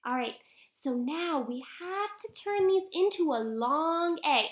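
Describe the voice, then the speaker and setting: A woman teaching a phonics lesson to young children on video, sounding out letters slowly and asking coaxing questions. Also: high voice, lively intonation, a bit bright. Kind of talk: early-grade phonics lesson to camera.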